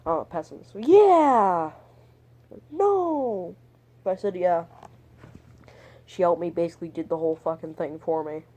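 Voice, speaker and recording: A young man tells a story to camera in a loose, meandering vlog style. His voice is soft and mellow, and his talk is crude and full of swearing. He keeps drifting off topic and dropping mumbled, whispered asides. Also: fairly high pitch, little pitch movement, fairly quick, pauses often. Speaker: vlogger. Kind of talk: rambling storytime monologue.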